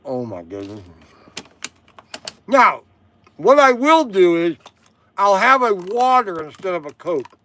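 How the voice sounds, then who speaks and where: High, bright-voiced older man rambling. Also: lively intonation, unhurried, a little hiss or hum. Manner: rambling, self-interrupting, chuckling. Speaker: shop owner and show host. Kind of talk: rambling live chat. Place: shop.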